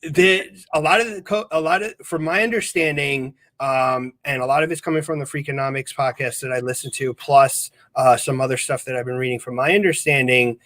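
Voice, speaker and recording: A man talking loosely on a podcast, circling his points with lots of ums and uhs and false starts. His voice sits at an ordinary middle pitch. It is recorded close and dry, with almost no room sound. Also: fairly even intonation, a little fast, few pauses, fairly bright tone, no echo. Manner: rambling, with many fillers and restarts. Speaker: podcast co-host. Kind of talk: casual chat.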